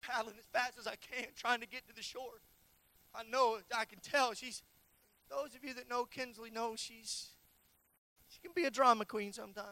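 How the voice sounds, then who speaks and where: A male pastor preaching a sermon, telling a personal story and swinging between loud, urgent lines and hushed ones. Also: very high-pitched, fairly even intonation, normal speed, no echo. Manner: personal storytelling with repeated phrases.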